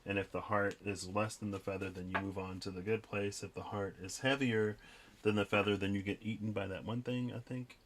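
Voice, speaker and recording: A man's voice: fairly low pitch, little pitch movement, brisk, a bit bright. A young man reading tarot cards and chatting in a rambling, reflective way with many fillers. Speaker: tarot reader. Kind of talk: casual tarot reading vlog.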